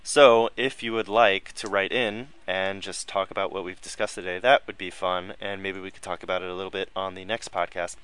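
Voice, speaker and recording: A man hosting a casual podcast, talking loosely with fillers and quick self-corrections. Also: low voice, steady tone, a bit bright, clean tone, dry recording. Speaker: podcast host.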